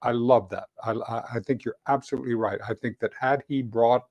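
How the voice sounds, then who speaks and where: Halting, stammering male talk-show host. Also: medium pitch, steady tone, a little mellow, muffled recording. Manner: halting, many restarts and stammers. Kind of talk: casual political chat.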